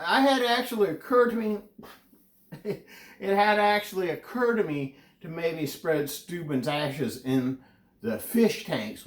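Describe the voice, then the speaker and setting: A man playing a rambling, grieving man from Vermont who tells an absurd story deadpan and stumbles over his words. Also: a little high, echoey room. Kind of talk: comedic character monologue.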